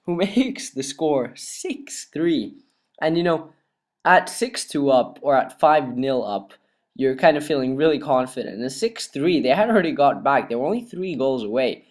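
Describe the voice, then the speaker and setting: A young man doing voice-over commentary on a football video game, excitable and laughing often, his voice dry and cracking. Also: a little high. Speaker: gaming YouTuber. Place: cold room at home.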